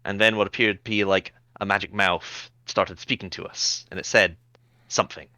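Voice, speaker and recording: A man with a low, bright, crisp voice recaps the last tabletop game session in a loose, casual way. He rambles a little and fills pauses with ums. The sound is dry and close to the mic. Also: steady tone, no room sound.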